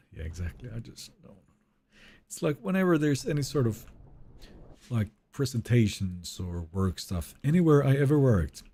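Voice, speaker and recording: A man's voice: mid-range voice, warm tone, slightly rough. A man streaming a game live, chatting casually and reading viewer messages aloud in a wry, joking way that trails off into mumbles.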